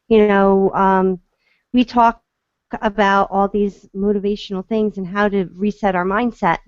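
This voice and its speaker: A middle-aged woman talks through a personal story in an earnest, unpolished way, often restarting her sentences. Her voice sits at an ordinary pitch. The audio is dry and a little dull, like a lo-fi call. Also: a little mellow, no room sound. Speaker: guest speaker, court advocate. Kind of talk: casual storytelling talk.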